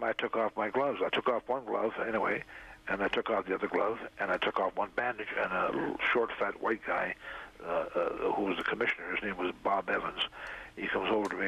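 An older man, a raspy-voiced interview guest, tells a long story in a halting way, full of "uh" fillers, on a dull lo-fi recording. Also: low voice, steady tone, pushed and bright, a little hiss or hum. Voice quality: gravelly, raspy. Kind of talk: rambling storytelling. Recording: dull lo-fi radio sound.

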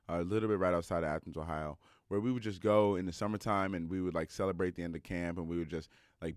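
Brief: young man, low voice, dry close sound, emphatic, loose casual storytelling. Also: no echo. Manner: animated and emphatic, with many fillers.

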